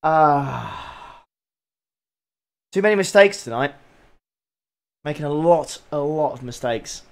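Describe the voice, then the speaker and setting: Young sim racer, slow-spoken, somewhat high voice, self-critical and grumbling. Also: male voice, expressive, gravelly. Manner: frustrated, self-critical muttering with frequent groans and sighs. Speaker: sim racing streamer. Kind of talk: live racing game commentary.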